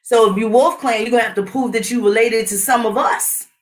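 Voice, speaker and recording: A woman's voice: a little high, fairly quick, recorded from a distance. A middle-aged woman hosting her own channel, talking in a blunt, combative, profane casual rant. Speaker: channel host. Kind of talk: casual ranting monologue.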